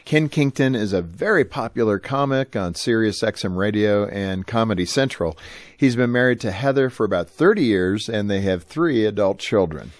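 A man hosting a radio program, giving a measured introduction of a guest. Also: on the low side, expressive. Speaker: radio host. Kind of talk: scripted radio show intro.

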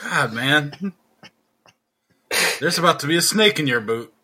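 A man's voice: on the high side, lively intonation, a little slow, bright, forceful tone. A man co-hosting a podcast, chiming in with wry, joking asides in casual chat.

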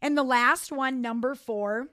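A woman's voice: high-pitched, unhurried. Upbeat motivational woman podcast host. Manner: energetic, emphatic, repeats key points.

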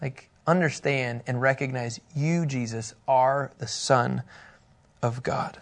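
A man teaching a casual Bible lesson in an animated way, often laughing. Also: medium pitch, slow, creaky. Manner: animated, laughing, acting out scripture quotes.

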